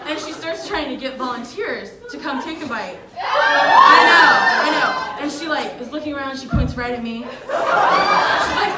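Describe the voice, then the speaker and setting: A woman comedian telling a story on stage, animated and self-deprecating, acting out the people in it, with a voice that can't whisper. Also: high-pitched, normal speed, far from the mic, very noisy. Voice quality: voice that cannot whisper. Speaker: stand-up comedian. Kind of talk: stand-up storytelling. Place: comedy club stage with a laughing audience. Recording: roomy live club recording with loud crowd laughter.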